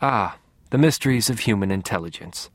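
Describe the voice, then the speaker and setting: A man's voice: on the low side, lively intonation, fairly quick, no echo. A man narrating a first-person audiobook in a dry, wry manner.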